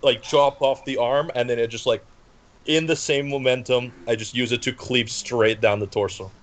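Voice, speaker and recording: A man's voice: mid-range voice, steady tone, moderate pace. A man playing a tabletop game, casually counting dice and describing his character's attack. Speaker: player.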